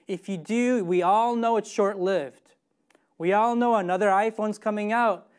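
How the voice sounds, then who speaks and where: A woman's voice: mid-range voice, a little slow. A woman preaching a sermon, emphatic and often putting questions to her listeners. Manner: emphatic, asks the congregation questions.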